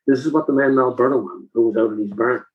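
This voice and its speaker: A man's voice: medium pitch, fast, narrow, tinny audio. A man in his seventies from Newfoundland, Canada, a guest in an interview, telling stories earnestly and often restarting his phrases. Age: 70s. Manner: earnest, repeats and restarts while recounting calls. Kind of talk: conversational storytelling.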